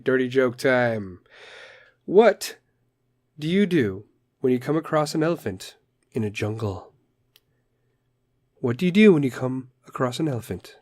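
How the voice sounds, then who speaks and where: A man's voice: medium pitch, a little mellow, no echo, clean studio sound. A man hosting a casual solo podcast, ranting in a rambling, profane way and telling dad jokes. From Chicago area. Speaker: podcast host.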